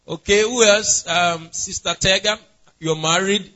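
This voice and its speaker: A man's voice: high-pitched, fairly even intonation, unhurried, bright, forceful tone, highs cut off. A man preaching an interactive sermon, asking the congregation questions and calling on members by name. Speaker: pastor.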